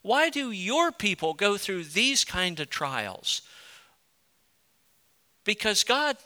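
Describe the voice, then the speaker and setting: Male pastor, middle-aged, bright smooth voice, impassioned sermon delivery. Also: high voice, very animated, takes it slowly. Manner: impassioned pleading, then quiet storytelling.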